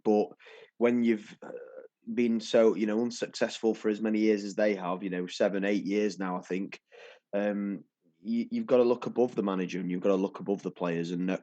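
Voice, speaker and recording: Lowish guy rambling about football on a podcast, dry dull mic. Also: dry recording. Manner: relaxed, chatty, lots of fillers. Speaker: podcast co-host. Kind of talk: casual football chat.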